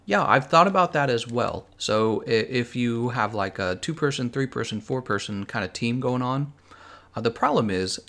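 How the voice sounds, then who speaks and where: A man's voice: mid-range voice, lively intonation, normal speed, bright, forceful tone. A man streaming a game live, rambling as he thinks aloud and answers viewers' chat messages. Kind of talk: casual live-stream chat while gaming.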